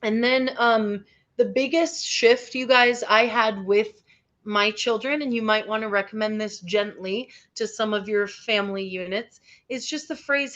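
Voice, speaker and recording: A woman's voice: mid-range voice, a little slow, a bit bright. A woman teacher leading an interactive online lesson for teens. She is upbeat and encouraging and often checks in with the group. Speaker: teacher leading a teen workshop. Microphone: video call. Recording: slightly dull online call audio.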